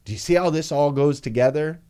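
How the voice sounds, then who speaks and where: A man's voice: fairly high pitch, brisk, clear, resonant tone. Emphatic male business coach. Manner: energetic, emphatic, repeats points for punch. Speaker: dealership marketing coach. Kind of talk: motivational business training talk.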